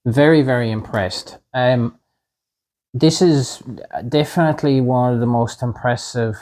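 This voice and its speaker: A man hosting a casual slot car review, upbeat and pausing often with "um" and "uh". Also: mid-range voice, darkish tone. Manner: upbeat, many "um" and "uh" fillers.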